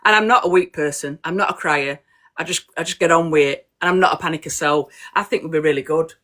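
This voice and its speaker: A woman's voice: low voice, quick pace, fairly bright tone. A woman as a guest on a live-stream chat, talking in a blunt, down-to-earth way. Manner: blunt, down-to-earth and plain-spoken. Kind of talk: casual chat. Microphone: video call on live stream.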